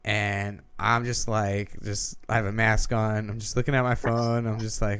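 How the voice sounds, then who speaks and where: A man's voice: on the low side, level tone, moderate pace, hardly any pauses, fairly bright tone, smooth. Rambling, foul-mouthed podcast guy. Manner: rambling, swears often, many restarts. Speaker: podcast co-host. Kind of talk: casual profane storytelling.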